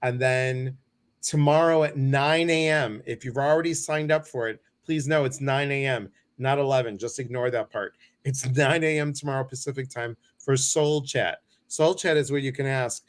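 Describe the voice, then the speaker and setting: A man hosts a relaxed livestream and chats in a playful, joking way. His voice sits at an ordinary middle pitch, and he gets a bit flustered now and then. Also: moderate pace. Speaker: host. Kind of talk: casual livestream talk.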